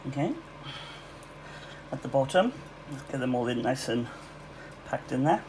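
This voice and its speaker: Man, Welsh accent, mid-pitched voice, chatty cooking demo, home kitchen, faint background noise. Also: animated, measured pace, a little mellow, poor audio. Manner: chatty, with fillers and asides. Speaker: cafe cook hosting a cooking tutorial. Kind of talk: casual cooking demonstration.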